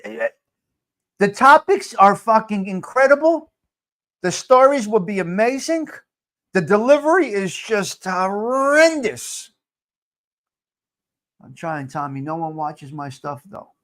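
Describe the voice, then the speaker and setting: A man hosting a live stream answers viewer comments in a blunt, fired-up, profane rant that keeps repeating itself. His voice is high-pitched and a bit bright.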